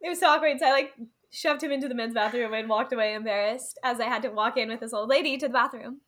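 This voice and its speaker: Young woman podcast cohost, really high voice, lots of "like" and giggles. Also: fast, a bit bright. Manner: giggly storytelling, many "like"s. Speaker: podcast co-host. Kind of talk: casual chat.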